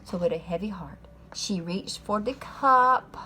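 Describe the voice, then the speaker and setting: A woman reading a children's picture book aloud in an expressive, playful way. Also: mid-range voice, measured pace, a little hiss or hum. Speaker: storyteller.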